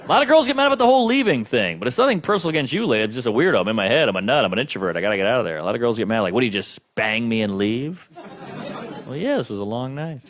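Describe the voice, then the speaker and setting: Animated male stand-up comic. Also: mid-range voice, very fast, hardly any pauses. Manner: dry, self-deprecating delivery. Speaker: comedian. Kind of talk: stand-up comedy.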